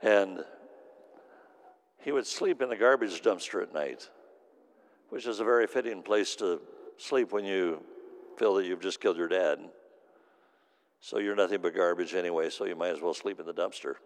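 A man with a lowish, gravelly voice delivers an earnest sermon, repeating phrases for emphasis. His words ring out with a long reverb across a large meeting hall. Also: normal speed, long pauses. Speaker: minister. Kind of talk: sermon storytelling.

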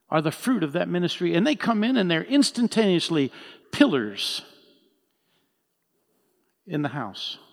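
Guy pastor preaching, acts out all the characters, echoey big church sound. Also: a little high. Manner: animated storytelling, acts out the characters' lines. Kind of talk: sermon.

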